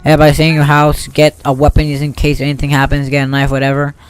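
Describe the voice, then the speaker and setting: A guy doing a rushed emergency announcer. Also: fairly high pitch, completely flat delivery, clear, resonant tone, close to an everyday voice. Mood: urgent. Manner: rushed, warning. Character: male emergency broadcast announcer.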